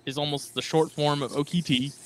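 A man's voice: fairly high pitch, fairly even intonation, a little fast. A man on a podcast round table, explaining at length in an easygoing, shrugging way. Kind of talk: casual round-table chat.

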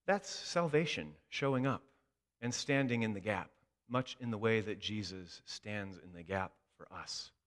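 A man preaching a sermon in a church, telling a story in an emphatic, expressive way. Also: on the low side, unhurried. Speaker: pastor. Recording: long hall reverb.

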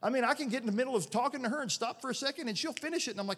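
A man in his forties preaching a sermon as a pastor, folksy and animated, with homespun jokes. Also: extremely high pitch, very fast, husky. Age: 40s. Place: church sanctuary. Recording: long church-hall reverb.

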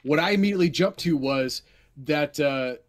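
A man's voice: on the high side, normal speed. A man in casual chat, thoughtfully explaining his take on a story.

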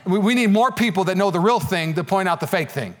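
A man's voice: high-pitched, animated, quick pace. A young man preaching a sermon as pastor, conversational and joking, building into rising repeated appeals.

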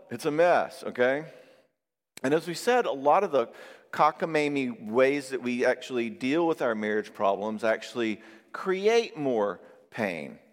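Animated man preaching in a reverberant hall. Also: mid-range voice. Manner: animated, acts out quoted voices. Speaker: pastor and therapist. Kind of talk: sermon.

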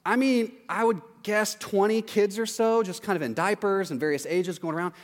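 A man with a high voice tells a funny story and acts out the people in it. He sounds animated throughout. His voice carries a long reverb, like a large hall. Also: normal speed. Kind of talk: comedic anecdote.

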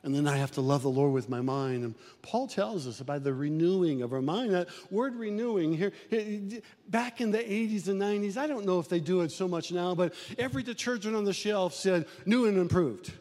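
A man's voice: high voice, brisk, hardly any pauses, darkish tone, big-room sound. A middle-aged male pastor preaching a sermon, with emphatic rises and sudden drops in his delivery.

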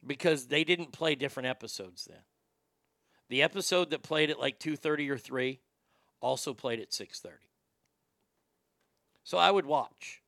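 A man hosting a talk show, telling a childhood story in a casual, wry and animated way, with some swearing. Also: a little high, normal speed, gravelly, long pauses, dry recording, clean studio sound.

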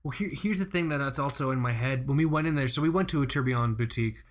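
A man co-hosting a relaxed podcast, talking in loose, profane banter. His voice sits at an ordinary middle pitch. He laughs easily and rambles through his thoughts. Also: fast. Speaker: podcast co-host. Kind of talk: casual chat.

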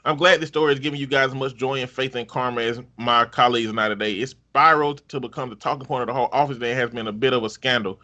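A man's voice: mid-range voice, steady tone, quick pace, hardly any pauses, pushed and bright, dull audio. A man hosting a podcast, casually reading online stories aloud with wry laughs and swearing.

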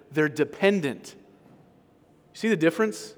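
A male pastor with a slightly high voice preaches a sermon at a moderate pace in a large hall with long church reverb. His style is casual and conversational, full of restarts and rhetorical questions.

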